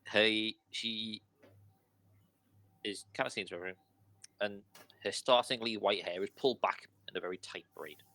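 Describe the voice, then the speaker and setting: A man narrating a tabletop game as dungeon master, in a relaxed, chatty way. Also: lowish voice, normal speed, pauses often.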